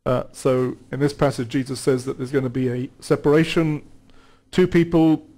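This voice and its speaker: A man in a studio conversation, explaining scripture in an earnest, patient way. He reads long passages aloud, then unpacks them with small restarts and self-corrections. His voice sits at an ordinary middle pitch. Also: fairly even intonation, normal speed, mellow. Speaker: guest Bible teacher.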